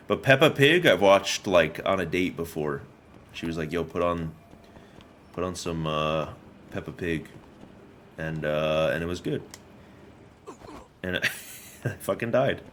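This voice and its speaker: A man's voice: low-pitched, fairly bright tone, a little hiss or hum. A man streaming a video game, rambling through casual commentary full of jokes and swearing. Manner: joking, profane, rambling.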